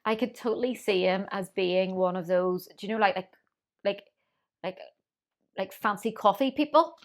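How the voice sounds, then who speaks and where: A woman's voice: medium pitch, moderate pace. A woman co-hosting a podcast in casual chat, musing aloud in a playful way. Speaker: podcast co-host.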